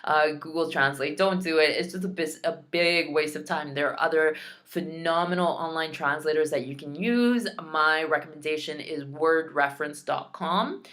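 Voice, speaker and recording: Female teacher, low and bright-toned, drills words slowly with chatty asides. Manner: clear, drawn-out pronunciation drills; chatty and self-teasing. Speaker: Spanish teacher. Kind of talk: recorded class lesson.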